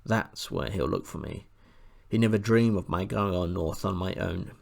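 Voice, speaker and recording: A proud, commanding war horse with a low, gravelly voice, as a man reads him in a storybook. He talks slowly and deliberately, with a stern, brisk authority. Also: exaggerated voice. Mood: explaining. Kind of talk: audiobook character voice.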